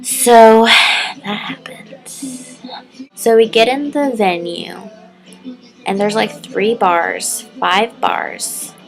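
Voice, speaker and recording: A young woman chats to her camera at home, telling a story in a loose, giggly way full of "like" and "um". Her pitch sits in the middle, and faint music plays behind her. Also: animated, slow pace, creaky, low-quality recording. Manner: chatty, giggly, lots of "like" and "um", acts out quotes in a high voice. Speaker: vlogger. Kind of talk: casual storytelling vlog.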